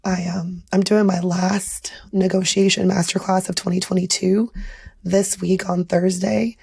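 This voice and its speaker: A woman's voice: on the low side, flat delivery, a little slow, gravelly, breathy edge. A woman co-hosting a podcast in casual chat, her voice worn from a recent illness, speaking reflectively. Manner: reflective, soft-spoken, recovering from illness. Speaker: podcast co-host.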